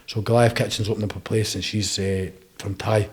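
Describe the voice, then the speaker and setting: A man's voice: on the low side, little pitch movement, a little mellow. A young Scottish man chatting as a podcast guest, telling rambling stories and tagging his sentences with "eh?". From Scotland. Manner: rapid, rambling storytelling with frequent "eh?" tags. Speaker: podcast guest, bare knuckle boxer. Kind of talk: casual interview chat.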